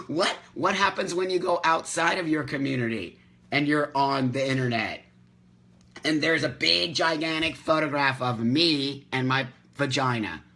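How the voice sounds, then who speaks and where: A man's voice: a little high, moderate pace, vocal fry, bright, forceful tone. A man hosting a live morning chat, reading out viewer comments and ranting emphatically, repeating phrases for stress. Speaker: host of a live morning show.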